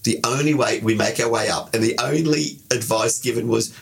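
A man co-hosting a podcast, telling a travel story in an animated, digressive way and laughing often. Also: medium pitch, normal speed, creaky, husky. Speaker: podcast co-host. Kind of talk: casual storytelling chat.

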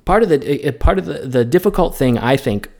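A man co-hosting a film podcast, giving opinionated, animated takes in casual chat. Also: medium pitch, creaky. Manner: opinionated, animated film talk with quick asides. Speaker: podcast co-host.

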